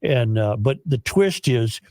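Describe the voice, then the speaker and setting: A man hosts a talk radio show, telling rambling stories and chuckling now and then. His mid-pitched voice sounds dry and close, with no room around it. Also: expressive, takes it slowly, a little mellow, dry recording. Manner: rambling, storytelling, chuckling often. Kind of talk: casual talk radio banter.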